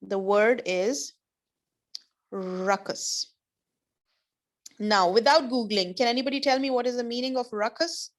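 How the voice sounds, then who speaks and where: A woman teaching an online class over video call speaks in a slightly high voice. She goes slowly and gently, giving one example after another.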